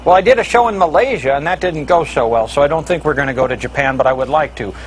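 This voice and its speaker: A man hosting a comedic call-in show in a deadpan, pompous showman manner. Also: a little high, quick pace, slight background noise, low-quality recording. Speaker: host.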